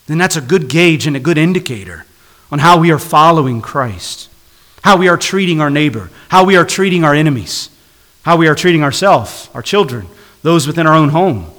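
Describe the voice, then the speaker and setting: Bright high-voiced male preacher. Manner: earnest preaching with rising emphasis and repeated phrases. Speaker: pastor. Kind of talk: sermon.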